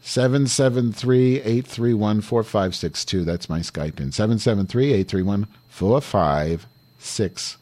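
A man's voice: on the low side, measured pace, darkish tone, no room sound. A man playing Madge Weinstein, a vulgar, irritable diva hosting a comedy show, rambling and swearing while making calls over Skype at home. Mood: irritated. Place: home, calling through Skype.

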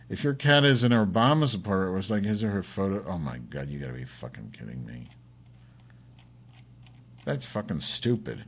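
A man hosting his own podcast, talking off the cuff with constant swearing, camp asides and sudden swings between low mutters and excited yelps, while complaining of a headache. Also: a little hiss or hum. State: has a headache. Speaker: podcast host. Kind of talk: rambling solo podcast.

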